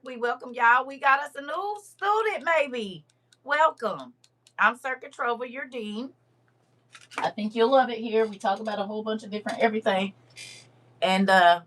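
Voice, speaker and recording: A woman hosting a casual livestream, reading viewer comments aloud in a lively, teasing way and laughing often. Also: fairly high pitch.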